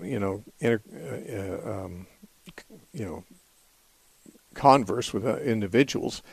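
A man hosting a call-in radio show, answering callers in a measured, thoughtful way with frequent fillers. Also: fairly low pitch, vocal fry, husky, no room sound. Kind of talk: call-in radio Bible teaching.

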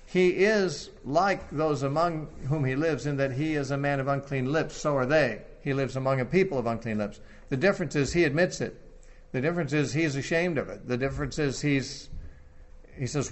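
A man's voice: medium pitch, moderate pace. A man giving an expository Bible teaching, conversational and thinking aloud, lifting his voice when he quotes scripture.

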